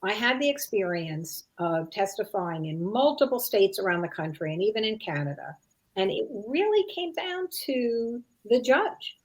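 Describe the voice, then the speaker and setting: A middle-aged woman speaking in a relaxed, conversational interview. She explains her points with care and slips into short spoken examples of what a parent might say. Her voice sits at an ordinary middle pitch. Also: normal speed. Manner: thoughtful, quotes parents' lines as examples, frequent "you know" and "like". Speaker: expert guest on parental alienation.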